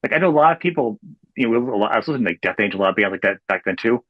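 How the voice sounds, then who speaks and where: A male podcast host talks fast and eagerly, circling back through restarts as he gushes about his guest's music. His recording sounds dry and a little dull, with no room around it. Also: fairly low pitch, lively intonation, no room sound. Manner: rapid, rambling, enthusiastic fan talk with many restarts. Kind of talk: casual interview.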